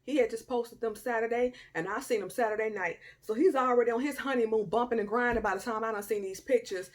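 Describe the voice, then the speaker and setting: A young woman telling a personal story to camera in a casual, animated way, with loud outbursts, quiet murmurs and slangy asides. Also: fairly high pitch, quick pace, hardly any pauses. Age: young adult. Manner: informal Southern-style slang and asides. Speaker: storytime vlogger.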